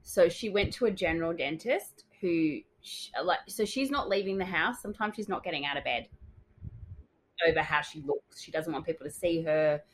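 A young adult woman co-hosting a casual podcast, telling a story with lively quoted dialogue. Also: fairly low pitch, normal speed, a little hiss or hum, poor audio. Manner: animated storytelling, acts out quotes. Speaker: dental hygienist podcast co-host. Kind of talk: casual chat.

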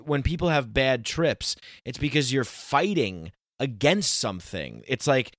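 A man in casual talk, rambling with many restarts and slowing down to stress his points. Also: medium pitch, big pitch swings, a bit bright, no room sound, clean studio sound. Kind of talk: casual chat.

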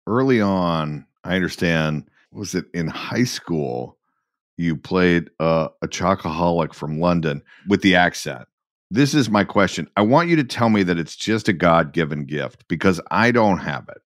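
A man hosting a podcast interview, asking questions in a self-deprecating, relaxed way. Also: deep voice, unhurried, dry recording, clean studio sound. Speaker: podcast host. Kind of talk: casual interview chat.

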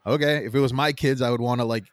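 A man co-hosting a podcast, rambling through animated stories and acting out what people said. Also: mid-range voice, racing, no room sound. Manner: rambling, animated storyteller who acts out quotes. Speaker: podcast co-host. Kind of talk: casual chat.

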